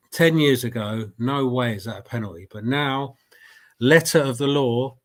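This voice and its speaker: A man's voice: medium pitch, measured pace. A man with a cold chats casually into a desk mic at home, hosting a live football reaction stream. He rambles and restarts his sentences often, filling the gaps with ums and uhs. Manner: rambling, chatty, with many fillers and restarts. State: has a cold. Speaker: football fan channel host. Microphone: desk mic at a laptop.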